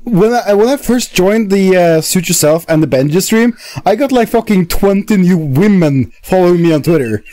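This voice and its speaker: A man with a Norwegian accent hosts a casual stream with a high, bouncy voice that swings widely in pitch. He swears freely and keeps breaking into giggles. The sound is dry and close. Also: lively intonation, moderate pace, few pauses, dark tone, no echo. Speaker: stream host. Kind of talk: casual livestream chat.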